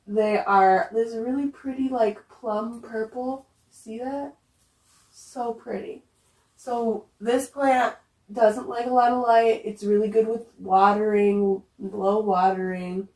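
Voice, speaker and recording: A woman's voice: a little high, a little mellow. Woman, casual plant vlogger, bubbly and repetitive in her praise, light accent slipping through, recorded at a distance. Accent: some regional accent that slips in. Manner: gushing, enthusiastic, fond of repeating words. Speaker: houseplant vlogger. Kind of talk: casual chat. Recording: roomy echo, distant from the mic.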